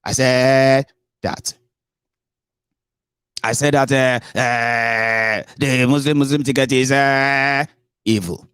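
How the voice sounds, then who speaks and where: A man's voice: medium pitch, fairly even intonation, takes it slowly, long pauses, a bit bright, clean tone, dry recording, pitched above the performer's own voice. Guy mimicking a fuming politician, blustery, keeps repeating himself, dry sound. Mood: defensive blustering. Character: angry scolding male politician.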